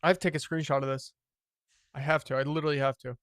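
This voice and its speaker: Rattling off rapid-fire commentary over loud background music, this man livestreams his gameplay while bragging and swearing. He swings from loud excitement down to quiet muttering.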